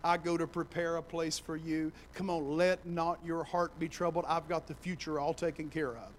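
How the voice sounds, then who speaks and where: A man preaching a sermon to his church, telling the story with animated voices and building to loud, shouting passages. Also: a little high, normal speed, slight background noise, poor audio. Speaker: pastor. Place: church sanctuary.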